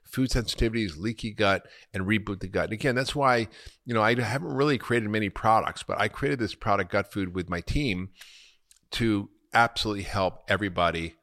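A middle-aged doctor hosting a podcast, answering listener questions in an energetic, emphatic way and laughing at himself now and then. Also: male voice, on the low side, brisk.

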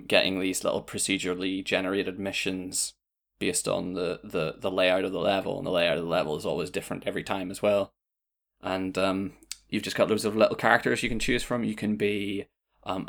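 A man's voice: low voice, gravelly, a bit bright. A man who reviews games, chatting casually on a podcast in a plain, matter-of-fact way. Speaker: podcast co-host, game reviewer. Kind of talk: casual game chat.

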